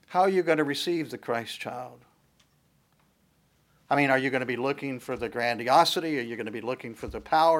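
A middle-aged pastor preaches from the pulpit, his voice pitched slightly above the typical man's. Repeated rhetorical questions build each point, carried by a steady preaching rhythm.

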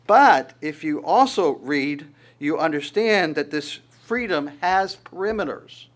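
A man preaching a sermon in a conversational way, with halting restarts and acted-out quotes. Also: fairly high pitch, lively intonation, fairly bright tone.

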